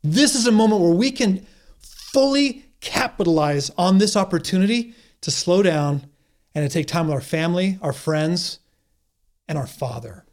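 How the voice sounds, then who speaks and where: A man's voice: high voice, expressive, normal speed, darkish tone. A man preaching a sermon in an earnest, encouraging way, often restarting his phrases. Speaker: pastor.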